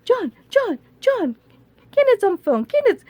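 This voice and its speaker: A woman's voice: unhurried, dry recording, lo-fi sound, full character voice. A woman voicing a chirpy woman from church who speaks with a Chinese accent in short, broken phrases. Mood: excited. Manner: high, excited, broken phrasing.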